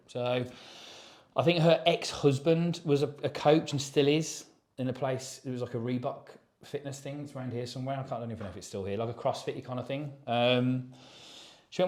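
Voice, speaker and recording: Male podcast co-host, 30s, mid-pitched, casual and sweary, echoey room. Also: brisk, a little mellow. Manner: rambling, sweary and matter-of-fact. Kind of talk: casual chat.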